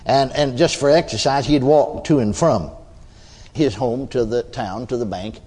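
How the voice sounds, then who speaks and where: A man's voice: medium pitch, measured pace, a little mellow, breathy edge. A man preaching a storytelling sermon in a folksy, chatty way, with chuckling asides and frequent "you see" tags. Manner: many restarts and filler tags like "you see".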